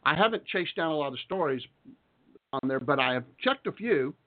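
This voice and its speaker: A man's voice: a little high, animated, a little fast. Folksy man on a phone-quality line. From Texas. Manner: rambling, chuckling, folksy asides. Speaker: radio talk show host. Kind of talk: casual talk radio monologue. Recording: phone-like internet radio audio.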